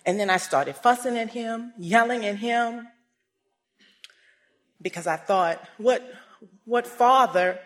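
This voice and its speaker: A woman giving a personal testimony, swinging between hushed and raised, emotional storytelling. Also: on the high side.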